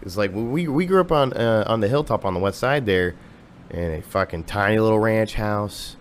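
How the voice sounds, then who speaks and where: Casual male guest from Ohio, low voice, swears freely, rambles through stories. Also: lively intonation, normal speed, slight background noise. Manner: profane, rambling storyteller. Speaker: podcast guest, musician. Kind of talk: casual chat.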